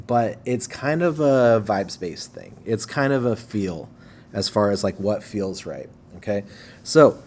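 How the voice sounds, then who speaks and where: A man teaching a recorded chemistry lesson in a relaxed way, checking in with "okay?" often and slowing down to stress syllables. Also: lowish voice.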